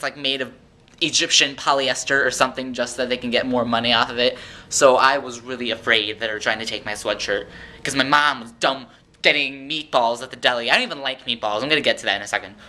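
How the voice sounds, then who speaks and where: A man telling a rambling, animated story in a casual vlog, acting out the voices of the people in it. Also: medium pitch. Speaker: vlogger.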